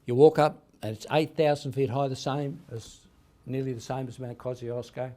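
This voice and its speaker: Aussie guy preaching in church, storytelling, gets loud then drops quiet, average pitch. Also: fairly even intonation, moderate pace. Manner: storytelling, emphatic swings in loudness. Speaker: pastor. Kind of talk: sermon.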